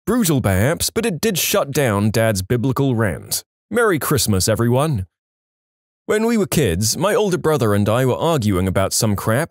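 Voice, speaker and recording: A man giving scripted narration of reddit stories, telling them briskly and timing the punchlines. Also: medium pitch, no echo, clean studio sound. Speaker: story narrator.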